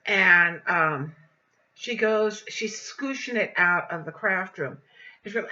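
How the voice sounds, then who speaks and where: An older woman telling a story in a casual vlog, animated and indignant as she recounts events. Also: medium pitch, slow, muffled recording. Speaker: vlogger.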